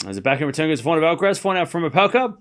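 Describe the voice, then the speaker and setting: A young man hosting a live tennis watchalong stream, chatting casually and excitedly repeating the score as points are played. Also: a little high, rapid-fire. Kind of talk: live casual play-by-play commentary.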